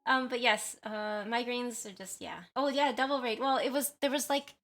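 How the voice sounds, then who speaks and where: A woman streamer chats casually with her viewers, rambling through fillers and little giggles and apologizing often. Her voice sits a bit high and sounds bright and sharp. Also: fairly even intonation, moderate pace, soft background music. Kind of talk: casual livestream chat with viewers.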